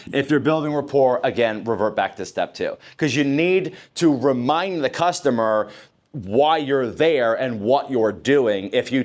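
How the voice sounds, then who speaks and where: A man leads a sales training session in a mid-range voice. He talks his team through a process step by step and asks the room questions. He acts out the lines he would say to customers. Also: medium pitch.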